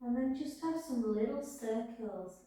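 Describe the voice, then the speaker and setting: A woman leads a pilates class, her high voice unhurried and soothing. She speaks slowly and gently, sighing her praise. She sounds far from the mic in a very echoey studio. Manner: soft, slow, soothing cues with sighs of "oh, gorgeous". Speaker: pilates instructor.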